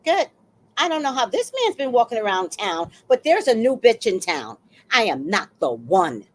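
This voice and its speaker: A woman in her sixties telling a story on a casual livestream, blunt and fiery, with sudden loud outbursts. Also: medium pitch, sing-song, normal speed. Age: 60s.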